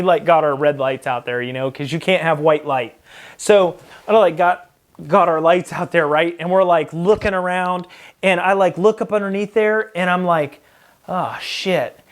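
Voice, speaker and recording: A man casually telling a rambling, profane personal anecdote, acting out what people said. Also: high voice. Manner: rambling, profane, acts out quoted lines. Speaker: storyteller.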